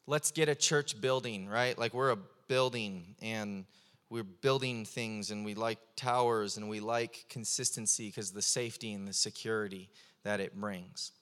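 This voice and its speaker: A young man preaching a sermon, telling stories with animated, fervent intensity. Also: medium pitch, in a large hall.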